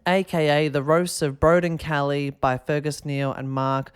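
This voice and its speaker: An Australian man hosts a laid-back podcast. He rambles happily and excitably from one thought to the next, looping back to keep the listener with him. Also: a little high, moderate pace, clear, resonant tone. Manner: rambling and excitable, keeps tagging "all right?". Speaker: podcast host. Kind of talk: casual podcast chat.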